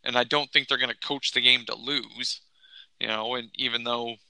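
Casual podcast co-host, male, gravelly and bright, dry close sound, frustrated ranting delivery. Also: fairly even intonation, moderate pace, no echo, rough recording. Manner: exasperated, ranting, pitch climbing when worked up. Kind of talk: casual sports podcast chat.

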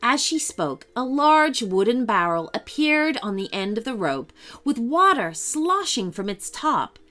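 A woman storyteller giving a scripted narration of a children's story in a lively, expressive way. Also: a little high, a little slow.

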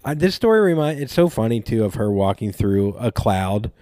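A man's voice: fairly low pitch, big pitch swings, normal speed, mellow, dry recording. A man hosting a podcast, chatting casually and joking with frequent laughs. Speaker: podcast host. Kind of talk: casual chat.

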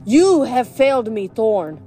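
A woman reading aloud, voicing a brutal male general who booms and growls his orders. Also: very animated, slow, warm tone, soft background music. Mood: commanding. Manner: booming, growling.

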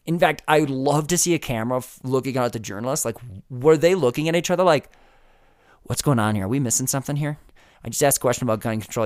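A man's voice: medium pitch, clear, resonant tone, dry recording. Rambling male podcast host, dry sound. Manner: rambling, frequent restarts and "like"; wry, laughing asides. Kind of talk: casual solo commentary.

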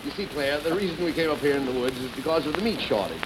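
A man playing the brisk, scolding straight man in a 1940s radio comedy, on a noisy old broadcast recording. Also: on the high side, expressive.

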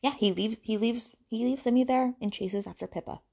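A woman's voice: on the high side, fairly quick, creaky, darkish tone, breathy edge. A woman hosting a book podcast, ranting sarcastically about a novel and swearing freely. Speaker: podcast host reviewing books.

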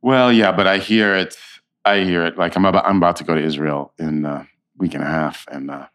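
A man with a very low, deep voice chats in an interview. He tells anecdotes with animated energy, starting over and acting out what others said. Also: a little fast. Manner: animated storyteller, slips into quoted voices. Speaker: actor, interview guest. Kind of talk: casual interview chat.

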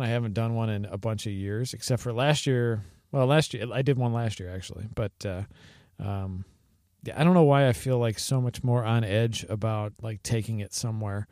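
A man's voice: medium pitch, darkish tone, no echo, clean studio sound. A man co-hosting a podcast in casual chat, rambling through stories with many fillers and restarts and laughing often. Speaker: podcast co-host.

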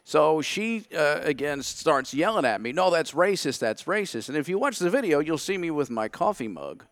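A man's voice: a little high, very animated, normal speed, no echo. A man telling a story in casual chat, acting out his own past thoughts. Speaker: podcast guest.

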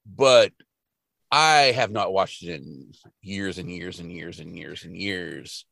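A man's voice: low-pitched, slow pace, gravelly, dry recording. A man co-hosting a podcast, retelling an episode casually and acting out the quotes. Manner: animated storytelling, acting out quotes. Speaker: podcast co-host.

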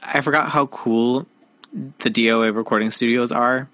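Young guy bright sharp voice, casual podcast chat, animated recaps, dry jokes. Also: medium pitch, normal speed, no echo. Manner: animated retelling, dry quips. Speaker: podcast co-host. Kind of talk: casual book-club chat.

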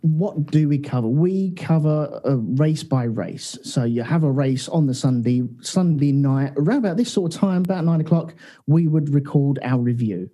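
A man's voice: fairly high pitch, moderate pace, mellow. A man guesting on a podcast, chatting casually and bantering with a laugh. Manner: jokey, banters, laughs often.

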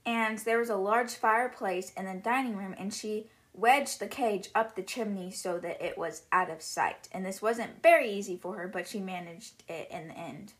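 A woman's voice: medium pitch, moderate pace, few pauses. A woman hosting a podcast, casually summarizing a book in a chatty, filler-heavy retelling. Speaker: podcast host.

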